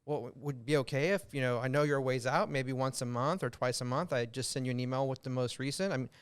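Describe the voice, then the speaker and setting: An American man hosting a podcast, giving advice in a loose, filler-heavy way that gets animated when he makes a point. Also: medium pitch, quick pace, clear, resonant tone. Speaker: podcast host, real estate coach. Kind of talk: casual podcast chat giving tips.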